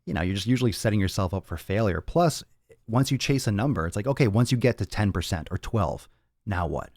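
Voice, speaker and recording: A man's voice: on the low side, lively intonation, fast, a little mellow, no room sound, studio quality. A man hosting a casual fitness podcast and answering viewer questions bluntly, with profanity and lots of repeated, rambling phrasing. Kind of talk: casual livestream Q&A.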